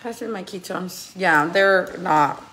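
Speaking slowly in a fairly low yet fairly bright voice, a thirtysomething mom who vlogs talks casually to the camera at home. She laughs a lot and slips into Spanish with her children, over slight background noise.

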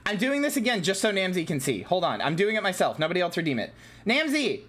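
A woman streamer chatting with her viewers, excitable and giggly, swearing a lot and bursting into shouts. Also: on the low side, fast. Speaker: VTuber streamer. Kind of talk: casual live-stream chat with viewers.

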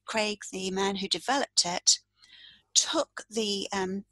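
A woman coach leading a calm, step-by-step tapping demonstration, saying the tapping phrases aloud as she explains each point. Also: mid-range voice, no room sound, rough recording. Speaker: coach and tapping practitioner, podcast guest.

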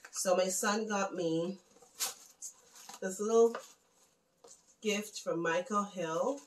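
A woman in her thirties from the West Indies, chatting casually and warmly gushing to viewers as she shows her Christmas gifts. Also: on the low side, fairly even intonation, takes it slowly, long pauses, reverberant, a little hiss or hum, rough recording. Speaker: home vlogger. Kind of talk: casual gift show-and-tell.

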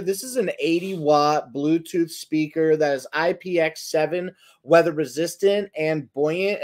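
A man's voice: on the high side, darkish tone. A man hosting a casual livestream product showcase, upbeat and salesy, talking while moving items around. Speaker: livestream shopping host.

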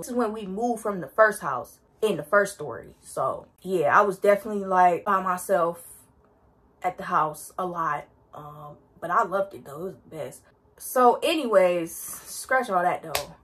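Young woman, casual storytime vlog, lively swooping pitch, breathy. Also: moderate pace. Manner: animated, slangy, dramatic retelling. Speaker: vlogger.

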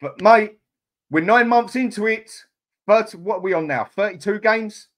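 A man's voice: sits high, normal speed, fairly bright tone. An angry middle-aged man ranting sweary football opinions on his fan channel live stream, blunt and fuming.

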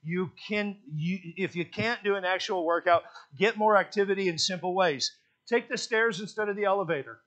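A man preaching as a pastor, telling folksy, joking stories with lively emphasis in a church sermon. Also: sits high, moderate pace.

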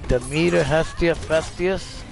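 A man's voice: fairly high pitch, a little slow, creaky. A man giving casual gameplay commentary, joking, rhyming and making silly noises as he plays. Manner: playful, breaks into rhymes, meows and sound effects. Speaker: gaming channel host. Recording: voice over loud game music. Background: game music.

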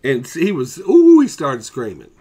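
Brief: man, exasperated storyteller, lively pitch swings. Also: unhurried, husky. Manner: animated, exasperated humor. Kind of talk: casual anecdote.

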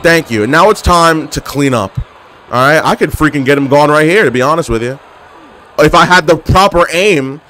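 Trash-talking young guy commentating his game, voice swinging up and down, gets fed up fast. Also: medium pitch. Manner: trash-talking, excitable and exasperated. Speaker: gaming commentator. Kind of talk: live gameplay commentary.

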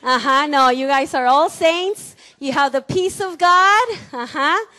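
A high-pitched woman with a Mexican Spanish accent preaches a sermon in a church. She teases her congregation, laughs easily and has them repeat words back to her. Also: a little slow, pushed and bright. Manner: playful, laughing, calls for congregation responses. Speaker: pastor. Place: church sanctuary.

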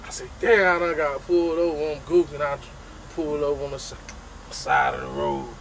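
A man telling a funny story about himself in a casual, profane, animated way, making his own sound effects. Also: on the high side, normal speed, a little hiss or hum, rough recording.

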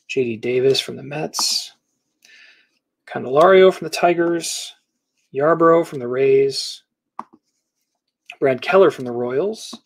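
A middle-aged man hosting a casual live card break, rattling off player names and teams as he opens packs. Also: on the high side.

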